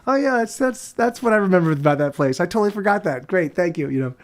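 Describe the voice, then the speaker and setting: A man's voice: high voice, expressive, quick pace. A man chatting casually on his livestream as a musician, rambling and swearing with many restarts. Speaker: musician streamer.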